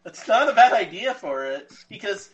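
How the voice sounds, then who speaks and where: A man's voice: high-pitched, big pitch swings, moderate pace. A man co-hosting a casual podcast, agreeing thoughtfully.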